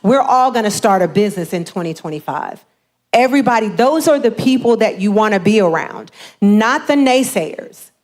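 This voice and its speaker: A woman giving a lively motivational seminar talk on home buying, often acting out the voices of the people she quotes. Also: mid-range voice, moderate pace.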